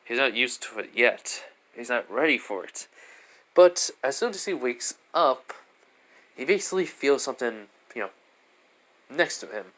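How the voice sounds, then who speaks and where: A man's voice: medium pitch, expressive, unhurried, a bit bright. Rambling casual male storyteller. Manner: rambling, many fillers and restarts. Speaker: fan fiction storyteller. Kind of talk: casual improvised story narration.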